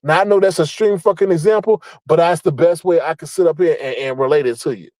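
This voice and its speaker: High-voiced man ranting bluntly. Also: fast, darkish tone, no room sound, low-quality recording. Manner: blunt, profane, repeats points for emphasis; scolding, mocking. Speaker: online commentator. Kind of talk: ranting commentary.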